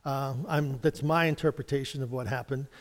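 A man's voice: medium pitch, steady tone, normal speed, big-room sound. A man giving an informal Bible study, chatty and rambling, chuckling often and acting out little exchanges. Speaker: Bible teacher.

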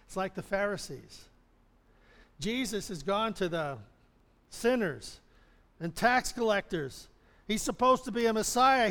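A man's voice: high-pitched, animated, takes it slowly, pauses often, a bit bright. A man preaching a sermon, retelling a parable and acting out the characters' complaints with frequent chuckles. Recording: long hall reverb.

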